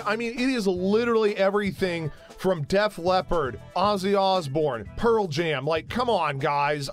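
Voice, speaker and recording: A young man casually riffing on memes in a jokey, animated way. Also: high-pitched. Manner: jokey, animated, slips into silly voices. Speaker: meme commentary host. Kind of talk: casual meme commentary.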